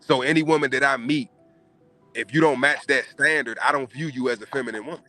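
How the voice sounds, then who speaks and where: A man's voice: medium pitch, a little fast, bright, forceful tone, soft background music. A man hosting a casual podcast, giving emphatic, profane opinions. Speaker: podcast host.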